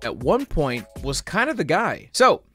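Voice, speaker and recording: A man's voice: on the high side, big pitch swings, unhurried, pushed and bright, faint music behind. A man hosting a comedic review video, talking in a casual, sarcastic and profane way. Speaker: YouTube comedy reviewer host. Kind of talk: comedic video essay commentary.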